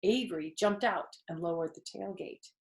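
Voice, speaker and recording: A woman's voice: lowish voice, moderate pace, vocal fry. Grandmotherly woman reading a story aloud. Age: older. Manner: gentle, explains words and asks questions. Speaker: storytime host, children's book reader. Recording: roomy echo.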